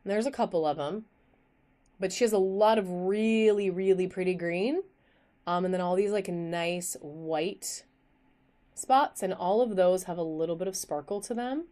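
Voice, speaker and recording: Showing items in a live online auction, a woman chats in a bubbly way and addresses viewers by name, captured on a phone camera. Her voice is on the low side with a dark tone, at a moderate pace.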